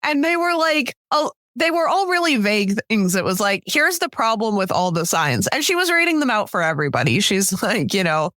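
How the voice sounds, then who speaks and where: A woman's voice: medium pitch, very animated, fairly quick, few pauses, fairly bright tone, no echo, studio quality. A woman co-hosting a podcast, teasing and breaking into giggles as she tells stories. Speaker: podcast co-host. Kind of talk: casual chat.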